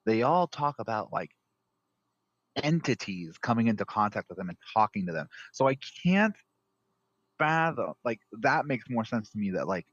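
A man's voice: fairly low pitch, sing-song, normal speed, a bit bright, breathy edge, no room sound. A man co-hosting a podcast in casual banter, rambling with lots of filler words and swearing. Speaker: podcast co-host. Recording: dull lo-fi dry sound.

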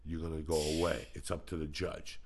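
A male podcast host with a deep voice and a gravelly edge. He tells stories bluntly and swears freely, in a loose conversational tone. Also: little pitch movement, brisk. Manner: blunt, profane storytelling. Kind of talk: casual chat.

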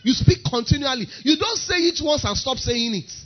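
A man's voice: extremely high pitch, expressive, moderate pace, dull audio, faint music behind. A man preaching a sermon, emphatic and driving his points home by repeating key phrases.

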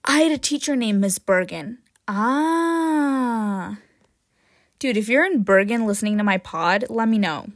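A woman hosting her own podcast in a casual, jokey chat, often tagging "right?" and "um", with sudden excited jumps in pitch and loudness. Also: a little fast, hardly any pauses, no echo, clean studio sound. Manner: chatty and jokey, with frequent "right?" and "um". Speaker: podcast host.

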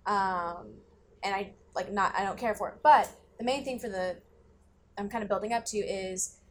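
A woman's voice: mid-range voice, moderate pace, a little hiss or hum. A young woman co-hosting a podcast, telling stories in casual chat full of fillers and swearing. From grew up in the country. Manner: rambling, swears freely, many fillers. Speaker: podcast co-host.

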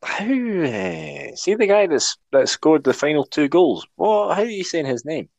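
A wry man trades football banter and pokes fun at himself. His voice is gravelly and bounces up and down a lot, recorded close and dry. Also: a little high, lively intonation, a little slow, darkish tone, no room sound. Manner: wry, swearing, self-mocking. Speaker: podcast co-host. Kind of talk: casual football podcast chat.

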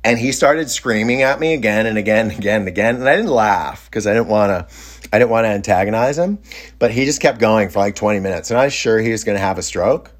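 A middle-aged man with a fairly low voice tells a long anecdote in a loose, conversational way. He restarts his sentences and trails into fillers, sounding amused by his own story. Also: lively intonation, fast talker. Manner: rambling, self-interrupting, amused. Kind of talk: casual anecdote.

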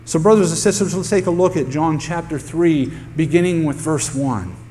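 With a fairly high, mellow voice at normal speed, a male pastor preaches to the congregation gathered in his church sanctuary. He drives his points home emphatically by repeating key phrases. A long hall reverb and faint hum are audible in the recording.

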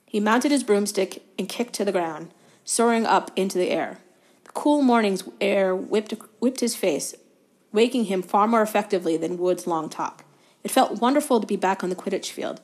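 A woman reading a novel aloud as a guest reader, in steady storytelling narration with a few quick self-corrections. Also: medium pitch.

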